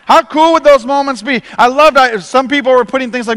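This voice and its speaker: A male pastor preaching a sermon from a church stage, telling stories with energy and quick repeats. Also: extremely high pitch, a bit bright, in a large hall.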